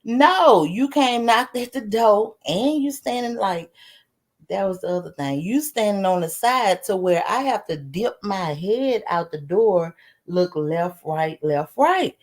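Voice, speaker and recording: A woman livestreams a casual story straight to her chat. Her voice sits in the middle of a woman's range and stays lively. She swears freely, laughs as she talks and keeps asking her viewers to answer her. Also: medium pitch, measured pace. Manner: laughs while talking. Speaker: live streamer.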